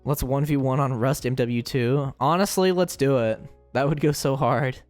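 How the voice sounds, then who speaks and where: A man's voice: mid-range voice, normal speed, darkish tone, no echo, soft background music. A young man streamer in casual chat, rambling and joking, often stumbling and repeating words.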